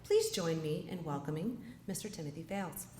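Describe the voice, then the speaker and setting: Woman, presenter, scripted speaker introduction, measured formal delivery, lowish voice, echoey hall. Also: lively intonation. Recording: echoey hall with faint noise.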